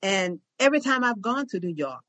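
A woman co-hosting a podcast, telling a story in a chatty, animated way. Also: mid-range voice, fairly quick, no room sound. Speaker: podcast co-host. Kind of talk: casual chat, storytelling.

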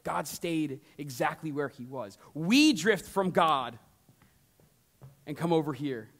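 A man preaching a sermon as pastor, talking straight to the congregation and swinging from lively emphasis down to hushed storytelling. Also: a little high, slow pace. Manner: conversational, addresses the congregation directly.

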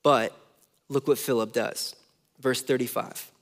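A man in his thirties from Southern California preaching a sermon, telling a self-deprecating story with animated energy. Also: medium pitch, unhurried. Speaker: pastor. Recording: long hall reverb.

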